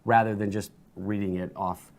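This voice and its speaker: Low-voiced man, animated sports talk. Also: moderate pace, vocal fry. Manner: energetic, animated storytelling with many restarts. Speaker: interview guest, sports broadcaster. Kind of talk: casual studio interview. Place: studio.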